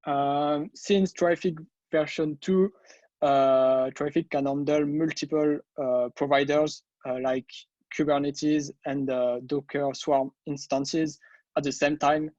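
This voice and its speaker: French man presenting, mellow, halting. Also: on the high side, fairly even intonation, dry recording, dull audio. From France. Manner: hesitant, many "uh" fillers. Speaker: guest presenter, developer. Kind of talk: webinar technical presentation.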